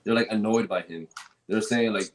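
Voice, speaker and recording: A man with a somewhat low voice recounts a story in casual conversation. He rambles, stacks up fillers and false starts, and swears freely. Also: moderate pace, rough recording. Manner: rambling, lots of fillers and restarts. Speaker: fragrance store worker.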